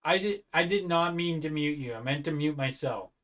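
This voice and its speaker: A man's voice: fairly high pitch, moderate pace, a bit bright. Exasperated young man swearing on stream. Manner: frustrated, swearing a lot, exasperated. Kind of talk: casual live-stream chat.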